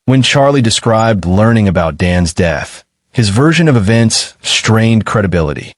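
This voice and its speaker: Low-voiced male true-crime narrator. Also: big pitch swings, moderate pace, no echo, studio quality.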